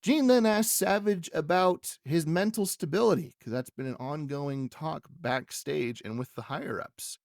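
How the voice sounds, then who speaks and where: A man co-hosting a casual podcast, recapping wrestling with an animated, laughing manner. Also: a little high, a little slow, gravelly, few pauses, dry recording, studio quality. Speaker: podcast co-host.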